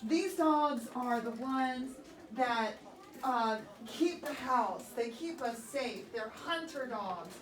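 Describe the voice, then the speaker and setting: Playful woman teacher, slightly high voice. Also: roomy sound, far from the mic, a little hiss or hum. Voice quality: animated, playful, quick to rephrase. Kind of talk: lively classroom paraphrasing. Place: classroom.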